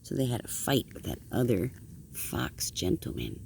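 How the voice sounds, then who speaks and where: An older woman, a grandmother, reading a picture book aloud to her grandchildren, gently pausing to point out the pictures and explain the story. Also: extremely low pitch, big pitch swings, vocal fry, slight background noise.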